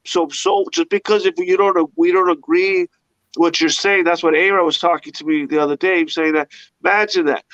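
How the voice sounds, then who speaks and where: A man's voice: high voice, fairly even intonation, moderate pace, fairly bright tone, dry recording. A man on a talk-show panel, speaking in a rambling, indignant way. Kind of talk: casual talk-show discussion. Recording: dull dry lo-fi sound.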